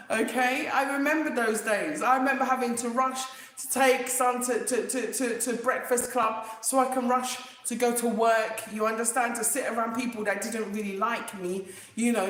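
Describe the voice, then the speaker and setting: A woman, hosting a casual live stream, animated and emphatic, repeating herself and talking straight to viewers. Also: medium pitch. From England. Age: 50s. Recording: very echoey room.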